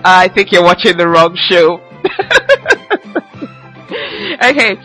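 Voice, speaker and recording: Young woman host, bright and forceful, loose teasing chat delivery over soft background music. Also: fairly low pitch, moderate pace, poor audio. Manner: chatty and teasing, laughs often. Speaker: podcast host. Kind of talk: casual solo podcast chat.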